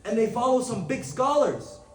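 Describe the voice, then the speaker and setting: A man's voice: very high voice, animated. A man teaching a class in a casual, conversational way, often asking his students questions. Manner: conversational, asks the class questions, switches to rapid text reading. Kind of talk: classroom lesson. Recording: echoey room, mic at a distance.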